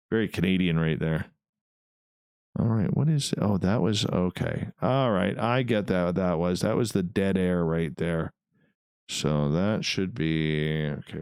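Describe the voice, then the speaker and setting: Man, radio host, low voice, slow casual rambling, swears and jokes. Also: clear, resonant tone, no echo, clean studio sound. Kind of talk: casual after-show chat while editing.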